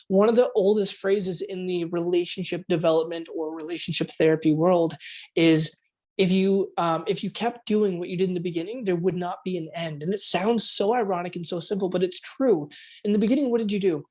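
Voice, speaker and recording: A man, a performance coach, talking casually on a podcast from home at night, keeping his voice a bit quiet as he acts out quoted inner voices and swears now and then. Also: high voice, steady tone, brisk.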